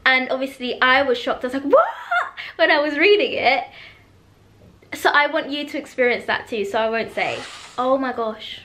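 A woman, chatting excitably and dramatically about books in a casual reading vlog. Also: high-pitched, moderate pace. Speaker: book vlogger.

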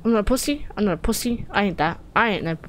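A woman's voice: medium pitch, animated, quick pace, a little hiss or hum. A woman giving horror game let's-play commentary, talking to herself in a jumpy way and swearing often. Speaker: gaming streamer.

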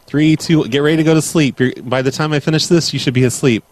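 A man's voice: a little high, quick pace, no echo. A man hosting a live prank call show, teasing a caller in a mock-earnest way.

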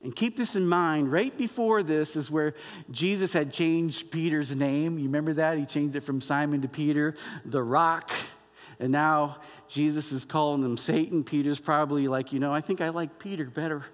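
High-voiced pastor preaching in a church, lots of hall reverb, acts out the bible bits. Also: male voice, normal speed. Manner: animated, acts out biblical dialogue in quoted voices. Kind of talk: sermon. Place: church sanctuary.

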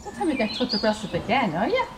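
A woman's voice: on the high side, huge pitch swings, rapid-fire. A woman chats while filming at a horse stud, repeating herself and cooing to the horses. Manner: chatty, repeats herself, coos and talks to the horses. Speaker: horse enthusiast vlogger. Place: outdoors at stud stables. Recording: outdoor camera audio with clear background noise. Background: outdoor ambience with horses and birds.

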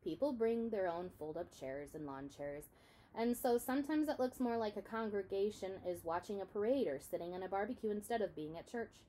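A woman reads a children's novel aloud in an expressive storytelling way. Her voice sits at a middle pitch and swings widely. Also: brisk, a little hiss or hum. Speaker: reader.

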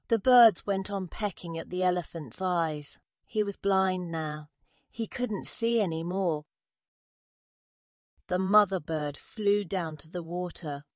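A woman's voice: lowish voice, no echo, clean studio sound. A woman narrating a simple graded reader story in a careful, plain way. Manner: slow, careful, simple wording.

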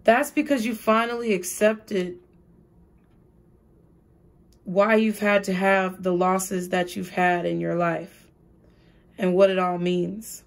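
Woman doing a tarot reading, real slow and unhurried, repeats herself a lot, mid pitch. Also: fairly even intonation, vocal fry. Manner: slow, repetitive, spiritual phrasing. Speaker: tarot reader.

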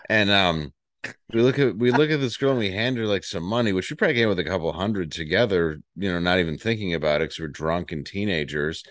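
A man's voice: sits low, quick pace, a bit bright, no echo, clean studio sound. A man, a podcast guest telling stories in a laid-back, rambling way. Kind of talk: casual comedic storytelling.

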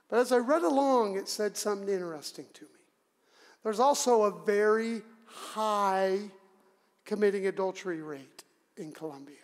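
This pastor's voice is high-pitched and moves at a normal pace as he offers a conversational, dramatic sermon with abrupt loud emphasis. Long reverb from the church sanctuary surrounds him.

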